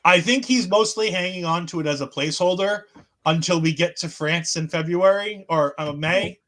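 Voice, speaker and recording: A man with a high voice recaps eagerly on a podcast. He tells things like a story and slips into quoting others as he goes. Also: normal speed. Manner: animated storytelling, acts out quotes. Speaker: podcast co-host. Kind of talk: casual wrestling recap chat.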